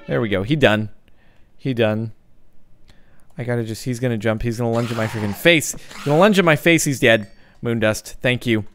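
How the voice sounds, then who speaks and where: Excitable young man gaming. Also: a little high, smooth. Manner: excitable, jokey, yelps and sing-song chants. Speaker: gaming YouTuber. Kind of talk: let's play commentary.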